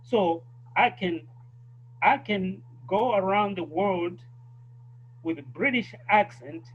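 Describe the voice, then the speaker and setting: A man's voice: high voice, takes it slowly, dull audio, a little hiss or hum. A man with a South African accent, a guest in a conversation, speaking in a thoughtful and emphatic way. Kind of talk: casual conversation.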